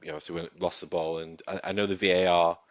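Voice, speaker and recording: A man co-hosting a casual football podcast, his voice sitting low. He talks hesitantly, with many fillers and restarts. The sound is dull, lo-fi and dry. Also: flat delivery, fast talker, no room sound. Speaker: podcast co-host.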